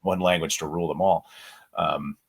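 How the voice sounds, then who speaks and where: Deep-voiced man hosting a podcast. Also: moderate pace, vocal fry, husky. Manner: relaxed, wry, thinks aloud with repeated words. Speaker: podcast host. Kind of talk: casual conversational interview.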